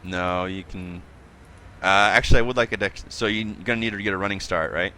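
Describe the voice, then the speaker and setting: A man's voice: low voice, brisk, pushed and bright. A man running a tabletop game as game master, casual, thinking aloud and laughing often.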